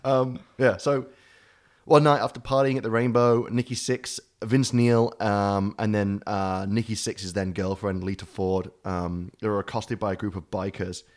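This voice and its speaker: A man with a low voice telling a story in casual chat, rambling, swearing freely and laughing often. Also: little pitch movement, a little slow. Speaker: podcast co-host telling a story.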